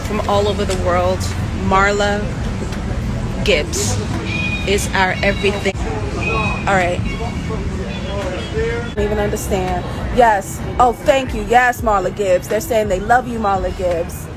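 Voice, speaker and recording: A woman vlogging live outdoors on a busy boulevard, excited and emotional, reacting as she talks. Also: mid-range voice, poor audio. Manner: excited and emotional, talking fast between reactions. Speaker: vlogger reporting live from a street event. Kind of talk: live on-the-street commentary. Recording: loud crowd and music behind.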